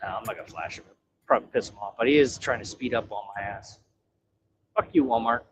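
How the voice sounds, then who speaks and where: A man's voice: mid-range voice, fast, noisy background. A man driving a truck and chatting casually on a livestream, profane, laughing and telling stories. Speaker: truck driver.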